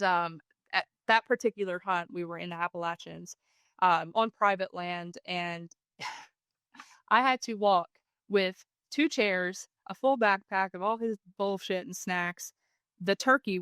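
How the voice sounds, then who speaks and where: A woman, a podcast guest telling a hunting story in a casual, animated way. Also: fairly low pitch, clean tone, dry recording.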